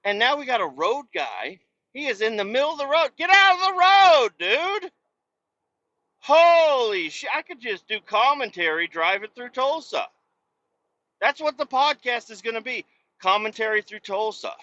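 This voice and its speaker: A foul-mouthed trucker rants and mocks from the cab of his truck, his voice bright and a touch high. He rambles between yelling and mumbling asides. The recording is dull and lo-fi. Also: sing-song, moderate pace, no echo. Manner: profane, mocking, rambling. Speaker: truck driver and podcast host. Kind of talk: profane rant while driving. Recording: dull lo-fi sound.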